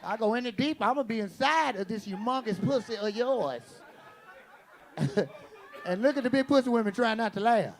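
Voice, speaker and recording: A man doing a stand-up comedy set, brash and profane, with quick punchy delivery and acted-out quotes, as the audience laughs. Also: very high-pitched, lively intonation, some chatter behind.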